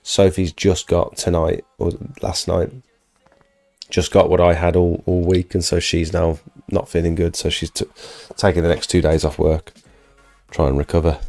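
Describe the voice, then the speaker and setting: A man's voice: sits low, little pitch movement, moderate pace, vocal fry, darkish tone, soft background music. A man hosting a live stream, chatting casually as he answers viewer questions while getting over an illness and losing his voice. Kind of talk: casual live Q&A about pressure washing.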